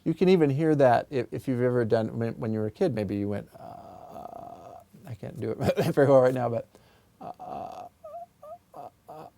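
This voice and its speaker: A man's voice: medium pitch, quick pace, creaky, hardly any pauses, dark tone, no echo. A man, a composer and music theorist, thoughtfully explaining ideas about sound in an interview in his office. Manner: thoughtful, musing, explains with sung sound examples.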